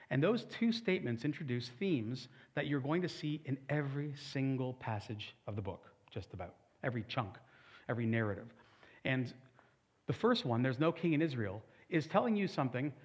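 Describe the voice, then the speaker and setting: A man's voice: medium pitch, lively intonation, normal speed, husky, highs cut off. A man preaching a sermon as a pastor, conversational with humorous asides.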